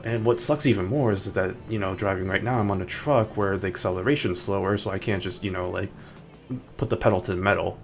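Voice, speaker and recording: A man's voice: low-pitched, brisk. A man streaming a game, chatting casually in a rambling way with many restarts. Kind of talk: casual gaming stream chat. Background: faint background music.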